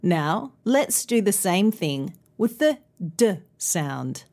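A woman hosting a pronunciation lesson podcast, speaking slowly and carefully enunciating each sound. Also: medium pitch, sing-song, darkish tone. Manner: slow, clear, carefully enunciated teaching. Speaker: pronunciation teacher and podcast host. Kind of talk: scripted instructional podcast.

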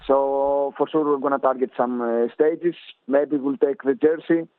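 A man's voice: medium pitch, fairly even intonation, a little slow, no echo. Greek guy coaching cyclists, lots of uhs, dry thin phone-ish sound. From Greece. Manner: hesitant, many fillers and restarts. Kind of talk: interview answers. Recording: tinny phone-like line.

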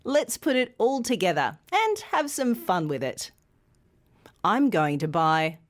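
Slow, lively woman teaching pronunciation. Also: medium pitch. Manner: slow, careful modelling of words for learners to repeat. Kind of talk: scripted lesson presenting.

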